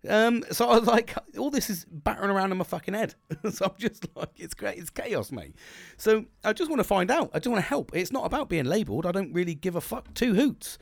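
A man's voice: high voice, sing-song, fairly quick, creaky, no echo. A man hosting a podcast, talking casually, swearing a lot and rambling with restarts. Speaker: podcast host.

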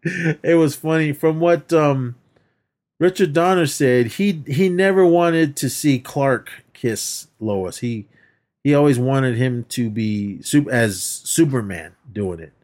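A man's voice: medium pitch, animated, takes it slowly, a little mellow. A man co-hosting a podcast, casually recapping a film, laughing often and acting out quotes as he rambles. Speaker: podcast co-host. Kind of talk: casual movie recap chat.

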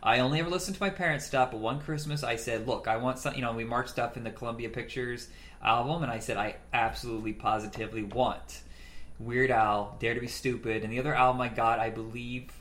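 A middle-aged man talks loosely and jokingly, wandering from one thought to the next. His voice sits at an ordinary middle pitch. He sounds like someone chatting at ease with a friend. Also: steady tone, brisk, a bit bright, reverberant. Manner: rambling, jokey, mimics lines and voices. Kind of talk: casual chat.

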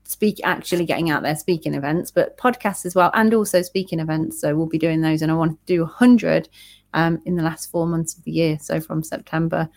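A woman co-hosting a podcast in casual chat, talking quickly with lots of fillers and restarts. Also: sits low, steady tone, creaky, a little mellow, no room sound. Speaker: podcast co-host.

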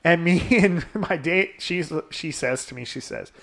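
A man's voice: a little high, normal speed, gravelly, few pauses, a bit bright. A man hosting a podcast, telling a crude story in casual chat, laughing often and swearing freely. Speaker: podcast host.

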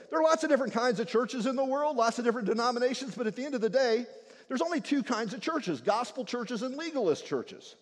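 A male pastor gives an animated, humorous sermon in a church, swinging widely between voices and moods. His voice sits high for a man and rings with a long hall reverb.

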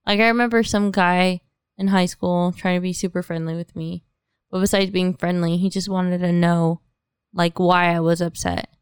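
A young woman with a very smooth, clean voice tells a casual story. She acts out the quoted lines and swears freely. The sound is close and dry. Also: on the low side, fairly even intonation, normal speed, no room sound.

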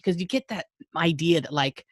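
A woman with a notably low voice, recorded close and dry with no room sound. She is a podcast guest who talks frankly and rambles, often restarting her sentences. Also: normal speed, no echo. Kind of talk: candid casual chat.

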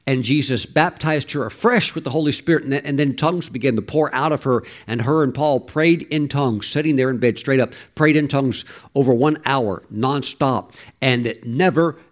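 A man preaching a sermon, emphatic, with stammered restarts and sudden exclamations. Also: mid-range voice.

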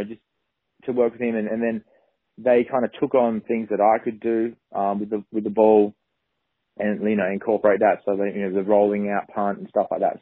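A young male football player answering interview questions in a relaxed, halting way with many fillers, heard over a phone line. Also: on the low side, slightly rough, no room sound.

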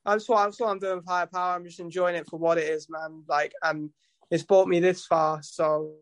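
A man's voice: fairly high pitch, little pitch movement, brisk, no echo. A man, a musician guest telling stories in a casual chat, rambling and swearing freely. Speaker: guest musician and tattoo artist.

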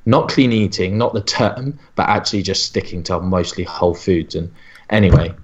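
Man telling animated stories, lo-fi sound. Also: low-pitched, normal speed. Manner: animated storytelling with quoted voices. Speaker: sports nutritionist. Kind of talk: casual podcast chat.

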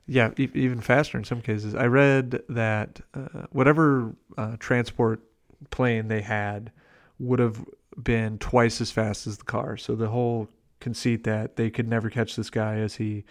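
A man's voice: medium pitch, level tone, measured pace. A man chatting casually about a movie on a podcast, dryly recounting scenes and quoting lines. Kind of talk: casual movie review chat.

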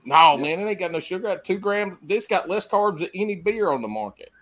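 Profane, drawling podcast host. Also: male voice, high voice, animated, fairly quick, a bit bright. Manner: loose, profane, drawling Southern talk. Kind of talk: casual podcast chat.

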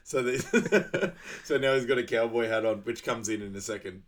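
A man's voice: mid-range voice, normal speed. A man co-hosting a podcast, casually recapping a film, laughing often and acting out quoted lines. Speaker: podcast co-host.

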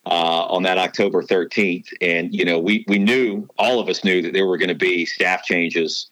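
Deep-voiced man telling stories. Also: fairly even intonation, normal speed, a bit bright, dry recording, low-quality recording. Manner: rambling, full of restarts and fillers. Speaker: sports announcer and former beat reporter. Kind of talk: storytelling podcast chat.

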